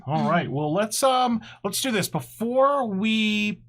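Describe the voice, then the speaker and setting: A man hosting a podcast in a casual chat, joking and upbeat with quick patter. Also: high voice, expressive, fairly bright tone. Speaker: podcast host.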